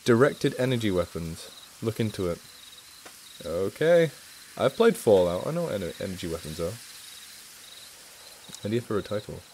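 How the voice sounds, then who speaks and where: A man's voice: on the low side, sing-song, moderate pace, pauses often, noisy background. A man from England with a mixed northern English accent, hosting a casual charity live stream Q&A, chatting eagerly and swearing casually.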